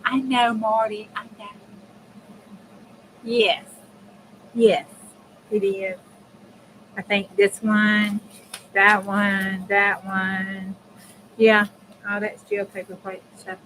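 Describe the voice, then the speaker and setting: A middle-aged woman with a drawl hosts a crafting livestream from her home craft room. She chats in a folksy, easygoing way, talking straight to her viewers. Her voice sits at an ordinary pitch for a woman. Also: flat delivery, very slow, pauses often, fairly bright tone, slight background noise, poor audio. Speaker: craft channel host. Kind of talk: casual chat while crafting on a livestream.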